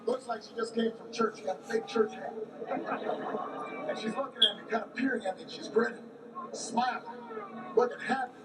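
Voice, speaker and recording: A man giving a campaign rally speech, telling a story in a halting way with many repeated words. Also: very high-pitched. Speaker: political candidate. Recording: echoey, distant mic, background noise.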